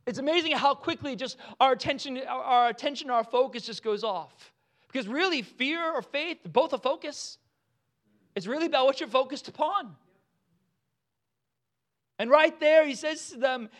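Animated preacher man. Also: very high voice, moderate pace. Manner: animated, acts out quotes with voices, laughs often. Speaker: pastor. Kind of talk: sermon.

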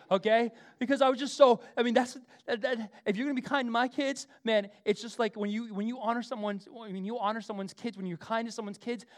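Animated man preaching a sermon. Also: sits high. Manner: animated preaching with swings from loud emphasis to soft; repeats words and restarts often, conversational. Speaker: pastor.

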